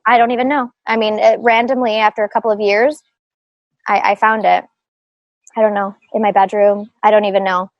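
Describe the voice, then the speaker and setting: A woman's voice: mid-range voice, flat delivery, fairly quick, no echo, dull audio. A middle-aged woman talking casually as an interview guest, laughing often and full of fillers and restarts. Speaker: guest, group practice owner.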